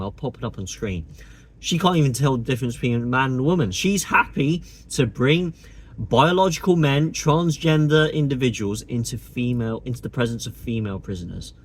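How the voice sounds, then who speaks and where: A man vlogs his opinions straight to camera, sarcastic and exasperated. His voice is husky and breathy at a medium pitch. He sounds indignant and mocking as he pushes each point. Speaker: political vlogger.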